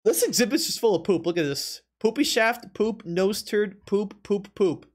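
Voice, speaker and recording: A man's voice: high-pitched, moderate pace. A man streaming live from his apartment, chatting casually with viewers, laughing often and reacting in disbelief while teasing his chat.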